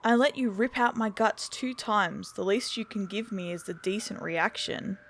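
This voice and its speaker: A woman's voice: medium pitch, normal speed, fairly bright tone, a little hiss or hum, close to an everyday voice. A woman voicing a bored, menacing man who cannot be killed, speaking with cool scorn. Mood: irked. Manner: scornful, coolly threatening.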